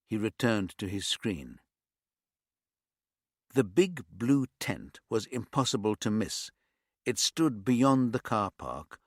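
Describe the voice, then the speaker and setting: A man reading a crime novel as audiobook narrator, in an even, measured storytelling manner. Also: fairly low pitch, no room sound, studio quality.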